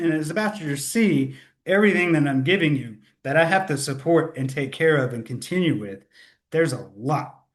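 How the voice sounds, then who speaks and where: Man, webinar host, slightly higher voice, upbeat, loose, laughs off his own mistakes, computer mic. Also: a bit bright. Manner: upbeat, self-correcting, laughs at own slip-ups. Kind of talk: live sales webinar.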